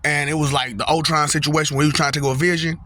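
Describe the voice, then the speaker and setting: A man's voice: on the high side, steady tone, very fast, pushed and bright. A young man talking casually to his viewers outdoors, rambling, laughing often and repeating "you know what I'm saying". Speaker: vlogger. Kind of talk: casual monologue to camera. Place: outdoors, windy.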